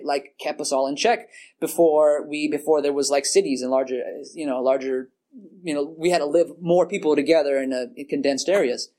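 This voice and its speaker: Addressing a group in a meeting room, a man with a slightly high, a little mellow voice recounts his story at a recovery meeting. It comes out rambling and casual, laced with "like," "you know," and free swearing, and he keeps poking fun at himself and laughing.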